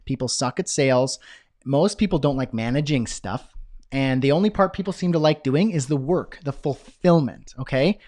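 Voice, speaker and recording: A man teaching a live online business course, talking in an energetic, chatty way with self-deprecating asides. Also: mid-range voice, normal speed. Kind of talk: live webinar presentation.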